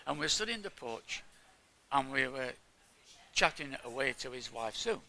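Older English preacher, lively and bright. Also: male voice, mid-range voice, a little slow, vocal fry, a little hiss or hum. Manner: chatty, asks the congregation questions. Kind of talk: informal sermon.

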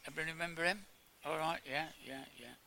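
A man's voice: on the high side, fast, creaky, bright, forceful tone, a little hiss or hum. An older man from England giving an informal sermon, chatting with his congregation and asking them questions. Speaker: preacher.

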